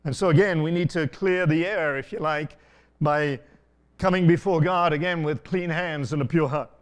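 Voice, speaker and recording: An older man preaching a sermon, telling stories in an unhurried way with frequent asides. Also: a little high, clear, resonant tone. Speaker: pastor.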